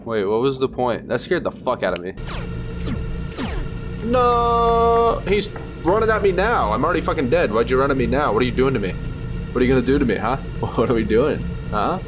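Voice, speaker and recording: A man giving gameplay commentary, swearing a lot and reacting in jumpy, excitable outbursts. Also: mid-range voice, fast talker. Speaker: gaming streamer. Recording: game music behind voice.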